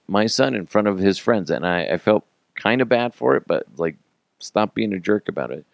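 A man's voice: sits low, creaky, dry recording, studio quality. A man in his thirties hosting a casual podcast, telling rambling, self-mocking stories, acting out quotes and swearing. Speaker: podcast host.

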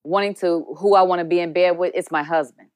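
A woman's voice: lowish voice, steady tone, fast talker, clear, resonant tone, dry recording, studio quality. A woman guest in casual podcast chat, speaking earnestly and with faith. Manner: warm, earnest, talks about faith. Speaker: guest, entrepreneur.

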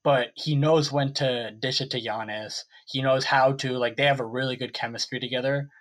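A man's voice: mid-range voice, fairly even intonation, normal speed, fairly bright tone. A young man co-hosting a casual sports podcast, rambling with lots of fillers and restarts. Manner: rambling, full of likes and restarts. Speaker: podcast co-host. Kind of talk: casual chat.

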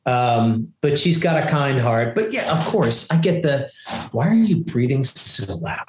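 A man's voice: mid-range voice, sing-song, measured pace, background noise. Middle-aged man in a roomy space. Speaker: guest. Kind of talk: casual chat. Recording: roomy echo.

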